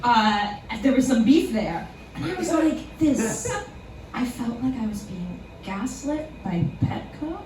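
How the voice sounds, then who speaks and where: High, lively woman doing stand-up. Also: unhurried, crowd noise. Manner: self-deprecating, chuckles through punchlines. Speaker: stand-up comedian. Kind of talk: live stand-up set. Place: small comedy club theater, live audience. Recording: echoey club room, distant, noisy.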